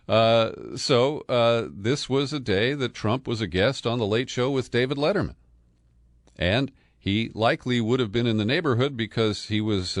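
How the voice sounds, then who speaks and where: A man's voice: mid-range voice, no room sound, studio quality. A man hosting a political podcast, talking through the news in a sardonic, conversational way with frequent fillers and chuckles. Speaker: podcast host.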